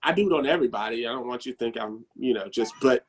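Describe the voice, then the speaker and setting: A man speaking on a health panel as a dentist, telling stories with lively acted-out quotes. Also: mid-range voice, quick pace, husky. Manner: animated storyteller who acts out quoted voices. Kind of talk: panel discussion.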